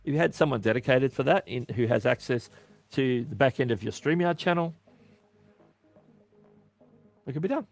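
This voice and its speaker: Hosting a laid-back live-stream Q&A, this Australian man answers chat questions chattily, frequently catching and correcting himself mid-sentence. His gravelly, medium-pitched voice is animated and quick, with faint music in the background.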